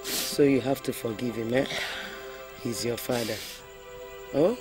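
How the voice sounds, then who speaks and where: A patient Nigerian mother who talks very slowly and gently, coaxing her child. Loud film music plays behind her. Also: very deep voice. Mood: soothing, pleading. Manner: soothing, pleading, slow. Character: patient, pleading mother consoling her daughter. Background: loud film score music.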